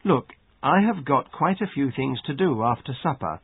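A man reading a story and dialogues aloud for an English lesson, measured and expressive. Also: medium pitch, slightly rough, dry recording. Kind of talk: slow read-aloud narration. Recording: dry phone-like sound.

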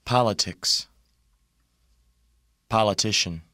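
Guy saying example words one at a time, bright voice, slow, low pitch. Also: no echo, clean studio sound. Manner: slow, deliberate single words. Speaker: model speaker in a pronunciation lesson. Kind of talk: scripted word reading.

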